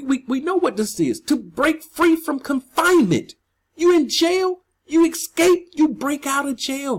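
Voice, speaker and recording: Woman preacher, higher voice, very lively pitch, emphatic and repetitive scripture teaching. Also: husky. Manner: emphatic and repetitive, rising on key words.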